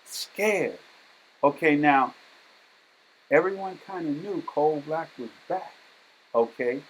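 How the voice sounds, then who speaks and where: A man telling a personal story from his own life to an audience, unhurried and dramatic, often checking in with "okay?". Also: a little high, husky, low-quality recording. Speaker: storyteller and teacher.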